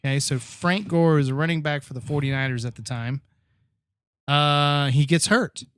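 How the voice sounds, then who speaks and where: A man's voice: fairly high pitch, normal speed, a bit bright, clear, resonant tone, no echo, studio quality. A man hosting a podcast, chatting casually as he recaps a TV episode and patiently explains details with many restarts. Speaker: podcast host.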